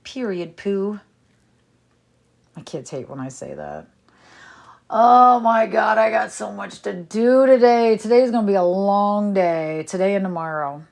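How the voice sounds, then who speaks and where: A woman's voice: medium pitch, expressive, measured pace, vocal fry, a little mellow. A middle-aged woman chatting casually on a livestream, rambling and exasperated as she talks to viewers. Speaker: livestream host.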